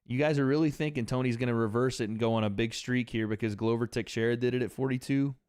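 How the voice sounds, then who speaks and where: Brief: male streamer, mid-pitched, loose profane banter with his chat, dry close sound. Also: steady tone, fast talker, a little mellow, clean tone, no room sound. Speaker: livestream host. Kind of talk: casual fight watch-party commentary.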